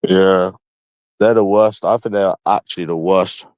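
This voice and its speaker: A man's voice: sits low, steady tone, moderate pace, darkish tone, no echo. A young man from London chatting on a livestream, blunt and rambling with frequent swearing. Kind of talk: casual livestream chat.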